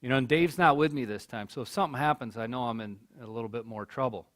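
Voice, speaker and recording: A man's voice: mid-range voice, fast talker, a bit bright. A middle-aged man giving a storytelling speech as keynote speaker at a college, earnest, repeating words when he gets stirred up. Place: college hall.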